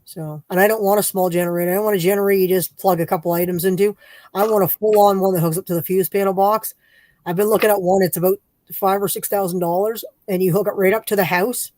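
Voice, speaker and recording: A woman's voice: medium pitch, steady tone, fast talker, darkish tone, no echo. A woman, rambling and teasing in casual chat while she crafts on a livestream. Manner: rambling, chatty, playfully teasing.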